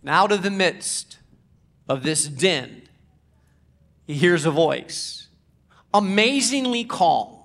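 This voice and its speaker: A man with a high voice preaching from the pulpit. He tells stories dramatically, rising to loud declarations and dropping to near-whispers. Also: lively intonation, takes it slowly, vocal fry, pauses often. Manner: dramatic storytelling, swings from loud to hushed. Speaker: pastor. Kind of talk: sermon.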